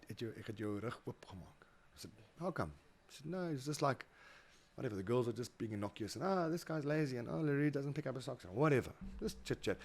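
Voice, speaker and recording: Fast-talking South African man, animated. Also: mid-range voice. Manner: animated, acts out quoted voices, repeats words. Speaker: guest, motivational speaker. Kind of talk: casual interview storytelling.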